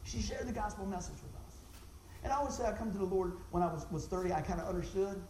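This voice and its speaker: A man giving an animated, folksy testimony for a ministry, repeating himself and exclaiming as he tells the story. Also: fast talker, roomy sound, slight background noise, rough recording. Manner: voice jumps high when excited, exclaims.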